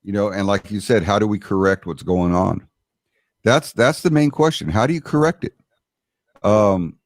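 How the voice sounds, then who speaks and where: A man's voice: lowish voice, no echo, clean studio sound. A man hosting a casual political podcast, reading out chat comments in a hesitant, filler-heavy way.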